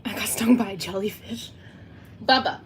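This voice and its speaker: A teenage girl with a Southern US accent hosts a livestream, chatting and giggling with her chat. Her voice is mid-range at a moderate pace, with a little hiss or hum in the recording.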